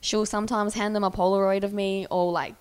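A woman's voice: mid-range voice, level tone, a little fast, clear, resonant tone. A woman, chatting casually. She tells stories animatedly and swears freely. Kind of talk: casual chat.

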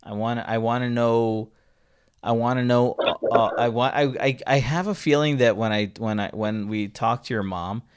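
A man's voice: medium pitch, fairly even intonation, normal speed, clear, resonant tone. A young man co-hosting a casual podcast, rambling and stumbling over his words with frequent laughs. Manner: rambling, self-interrupting, laughs often. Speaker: podcast co-host.

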